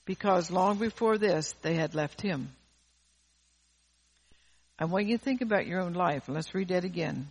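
A woman's voice: fairly low pitch, moderate pace, pauses often, husky. A woman preacher delivering a fervent sermon, repeating words and phrases for emphasis.

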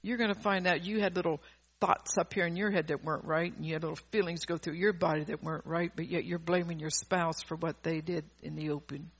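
A woman's voice: on the low side, fairly even intonation, brisk, slightly rough. An older woman preaching an earnest sermon, often repeating and restarting her phrases.

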